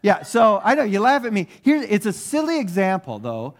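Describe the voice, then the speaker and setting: Middle-aged guy preaching, kinda high voice, chatty and self-mocking, keeps checking in with the crowd. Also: huge pitch swings, moderate pace. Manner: conversational, self-deprecating, asks the congregation "right?". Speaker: pastor. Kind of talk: sermon with personal story.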